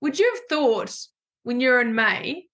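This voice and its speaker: A woman's voice: on the high side, animated, a little slow, a bit bright. A woman hosting a podcast, bubbly and self-deprecating, chatting casually with a guest. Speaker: podcast host.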